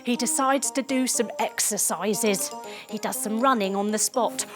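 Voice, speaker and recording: A woman's voice: a little high, measured pace, over music. A young adult woman teaching yoga to children through a story, playful and sing-song, adding silly sound effects. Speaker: kids yoga instructor.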